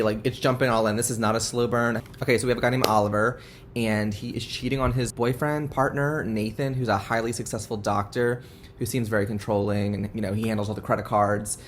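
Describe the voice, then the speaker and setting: A man talking casually in a reading vlog, chatty and expressive, swearing freely. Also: medium pitch, fairly quick, soft background music. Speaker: book vlogger.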